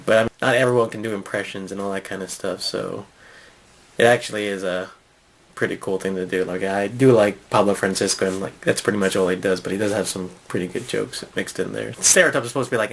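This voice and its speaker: A man's voice: lowish voice, a bit bright. A man hosting a comedy vlog, talking in a loose, meandering way, full of fillers and little chuckles. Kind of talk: rambling casual monologue.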